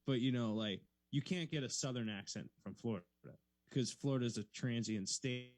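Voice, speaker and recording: A man's voice: medium pitch, normal speed, no echo. A man co-hosting a comedy podcast, talking in casual chat, rambling and laid-back with many fillers. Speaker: podcast co-host.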